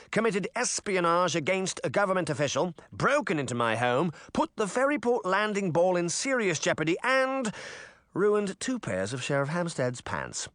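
A man's voice: on the high side, fairly bright tone, no echo, pitched above the performer's own voice. A man doing a sneering arrogant prince. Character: smug scheming prince, adult man. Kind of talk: audiobook character reading.

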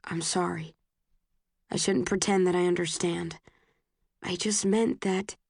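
A woman narrator voicing a guarded, blunt young man in an audiobook, keeping her voice low and restrained. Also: fairly even intonation, unhurried, creaky, a little mellow, no echo, clean studio sound. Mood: soft apologetic.

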